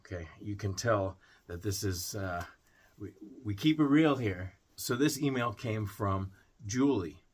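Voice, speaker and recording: Slow, low-voiced earnest man. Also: animated. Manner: earnest and heartfelt, with small restarts. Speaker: pet video host. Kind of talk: casual vlog talk to camera.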